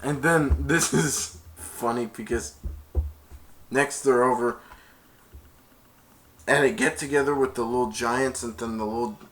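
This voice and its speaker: A man's voice: medium pitch, steady tone, a little slow, long pauses, fairly bright tone. A man casually retelling a movie plot, rambling, laughing and acting out the quotes. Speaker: movie reviewer.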